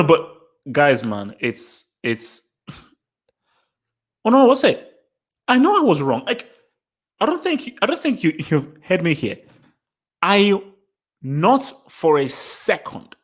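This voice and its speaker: Excitable football stream host laughing. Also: male voice, high voice. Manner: excitable, laughs a lot, repeats words. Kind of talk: live stream reaction chat.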